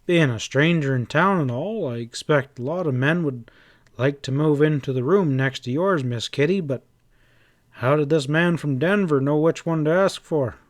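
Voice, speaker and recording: A man's voice: a little high, moderate pace, close to an everyday voice. A man reading aloud and voicing a grim western sheriff who drawls in rural speech.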